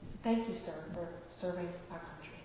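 A woman giving a storytelling sermon in a relaxed conversational way, laughing at times and rising in emphasis. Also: on the low side, a little fast. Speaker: pastor. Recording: roomy hall from far off.

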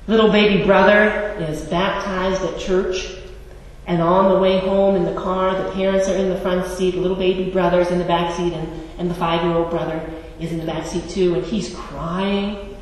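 A woman's voice: lowish voice, flat delivery, normal speed. A woman pastor preaching a sermon in a church, conversational and wry, with asides to the congregation. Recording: echoey church hall, distant mic.

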